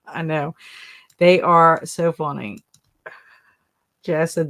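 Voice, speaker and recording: A woman's voice: low voice, extremely slow, long pauses, a bit bright. A woman hosting a casual livestream, laughing often, exclaiming and reading out viewer comments. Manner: giggly, exclaims often, reads chat comments. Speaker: livestream host.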